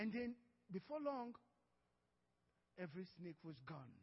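Husky-voiced laughing pastor, lo-fi. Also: male voice, high voice, sing-song, moderate pace, pauses often, in a large hall. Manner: storytelling, laughs often, acts out dialogue. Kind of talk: sermon.

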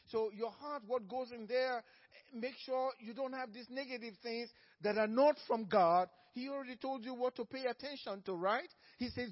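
A male pastor preaching a sermon in church. He is emphatic and repeats key phrases, moving between loud stresses and soft low asides. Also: lively intonation, unhurried, muffled recording.

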